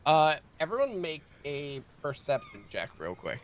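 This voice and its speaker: A man's voice: on the high side, huge pitch swings, a little slow, a little hiss or hum. A man running a tabletop game as game master, narrating in a casual way, laughing often and swearing freely.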